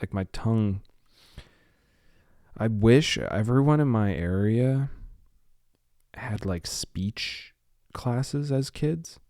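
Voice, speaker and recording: A man's voice: fairly low pitch, lively intonation, takes it slowly, long pauses, a little mellow, no echo, studio quality. A man hosting his own podcast, rambling casually with a slight lisp and drifting off topic and back. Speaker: podcast host.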